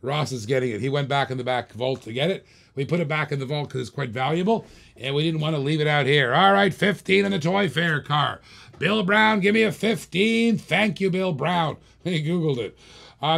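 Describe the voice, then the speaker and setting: A man running a live-stream auction in a pumped-up sales patter, repeating himself to keep bids coming. His voice sits a bit high for a man and carries a gravelly, creaky edge. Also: a little fast, fairly bright tone. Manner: hyped, repetitive salesman pitch.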